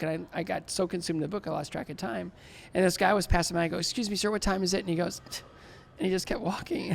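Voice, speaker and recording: Brief: man, 60s, gravelly voice, lively interview storyteller who acts out the dialogue. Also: fairly high pitch. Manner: animated, laughs often, acts out remembered dialogue. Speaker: guest, former Olympic figure skater.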